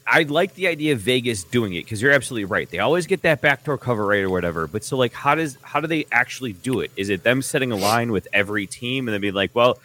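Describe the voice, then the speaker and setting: A man's voice: mid-range voice, quick pace, hardly any pauses. A man hosting a sports podcast, chatting casually and joking with his co-hosts. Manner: animated, jokey. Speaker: podcast host.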